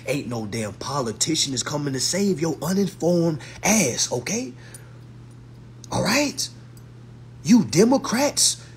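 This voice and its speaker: Dude ranting to his followers, high voice, swinging all over, cussing and mocking. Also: slight background noise. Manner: mocking, repeats retorts, blunt slang. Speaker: social media commentator. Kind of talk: profane ranting monologue to followers.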